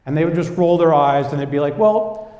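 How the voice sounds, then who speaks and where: Young man, business talk, lively storytelling, slightly high voice, echoey hall. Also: fast talker, muffled recording. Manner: lively storytelling, acting out quoted coworkers. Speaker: business speaker. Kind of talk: presentation to an audience.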